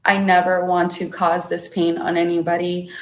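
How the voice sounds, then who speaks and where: Telling her personal story as a podcast guest, a young adult woman speaks at a moderate pace in a lowish voice, with a roomy sound. She's emotional and animated, acting out what others said.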